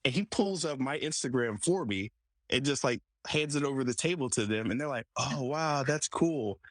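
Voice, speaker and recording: A man hosting a podcast, telling a personal story in a relaxed conversational way, often restarting and quoting himself. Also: mid-range voice, fairly quick, no room sound. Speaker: podcast host. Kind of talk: casual conversation.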